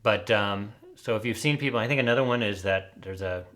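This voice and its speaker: A man's voice: lowish voice, brisk, a bit bright. A man co-hosting a casual chat show, talking in an easygoing, chatty way and laughing along. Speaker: co-host, trivia contestant.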